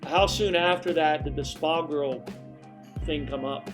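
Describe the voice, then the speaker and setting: A man's voice: on the high side, a little slow. Musing male host over guitar music. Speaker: interviewer, host. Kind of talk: conversational interview.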